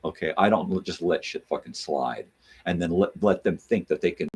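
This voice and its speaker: A man's voice: low voice, lively intonation, moderate pace, darkish tone, a little hiss or hum. A man hosting a show, ranting in a rambling, profane casual monologue. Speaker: host.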